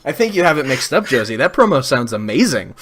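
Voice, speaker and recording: A man's voice: medium pitch, big pitch swings, a little fast, background noise. A man co-hosting a casual podcast chat, joking and laughing often. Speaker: podcast co-host.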